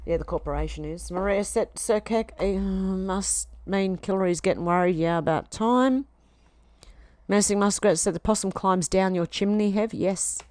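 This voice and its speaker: A woman's voice: medium pitch, normal speed, darkish tone, dry recording. An Australian woman on a casual home live stream, reading chat comments aloud and chiding her cat between them.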